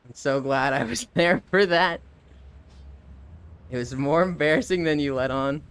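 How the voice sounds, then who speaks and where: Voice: mid-range voice, unhurried, long pauses, a bit bright, clean tone. A live streamer chatting casually with viewers, laughing often and reading chat messages aloud.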